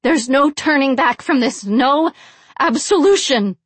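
Give me a furious captive woman shrieking her defiance, as a narrator puts her on, her voice pitched far up and pushed loud with a strained, distant edge. The recording itself stays dry and close. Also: expressive, a little slow, no echo. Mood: defiant. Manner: shrieking, yelling.

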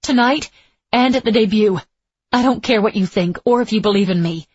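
A woman voicing a proud, wounded young woman violinist, speaking in a raised, pleading and defiant way with a husky voice. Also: medium pitch, moderate pace, no echo, muffled recording, voice pushed up, close to an everyday voice.

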